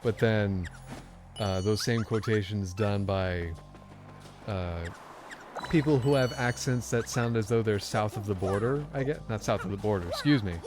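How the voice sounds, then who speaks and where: A man's voice: lowish voice, moderate pace. A man chatting casually and teasingly while playing a video game with a friend, rambling as he goes. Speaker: let's play co-host. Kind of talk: casual chat over gameplay. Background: game music.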